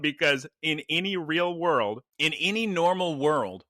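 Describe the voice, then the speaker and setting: A man's voice: on the high side, lively intonation, measured pace, sharp tone, no echo, clean studio sound. A man co-hosting a podcast in casual chat, telling stories with laughs and animation. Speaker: podcast co-host.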